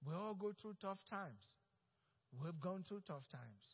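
A man preaching a sermon as pastor, acting out quoted coworkers and swinging from loud, bold lines to hushed ones. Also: high-pitched, animated, slow pace, slightly rough. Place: church sanctuary. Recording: dull sound with long church reverb.

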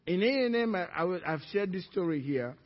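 A middle-aged man from Africa preaches a sermon in a high, husky voice. He tells a story and acts out others' lines as he goes. The sound is dull and rings with a long church-hall reverb. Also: animated, fairly quick. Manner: storytelling, acting out quoted voices with rising pitch. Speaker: pastor.

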